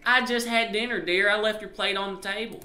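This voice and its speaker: A man's voice: sits high, steady tone, a little fast, bright, forceful tone, roomy sound, pitched above the performer's own voice. A man putting on a sweet country wife. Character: gentle country wife, adult woman, soft-spoken.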